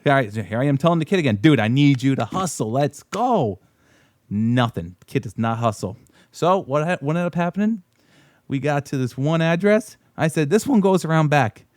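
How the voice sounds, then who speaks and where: A man's voice: fairly high pitch, lively intonation, normal speed, dry recording, studio quality. Rambling man telling a story. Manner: rambling, swearing, laughing while telling; acts out quoted voices. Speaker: podcast guest telling a story. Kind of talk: casual storytelling. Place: podcast studio.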